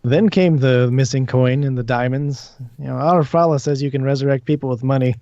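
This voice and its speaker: A man's voice: medium pitch, brisk, mellow, no room sound, natural voice. A man puts on a dwarf grave digger who brags about his trade and rambles, his grammar slipping as he goes. The sound is dry and muffled, like stream audio. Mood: rambling. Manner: rambling, folksy, bungled grammar.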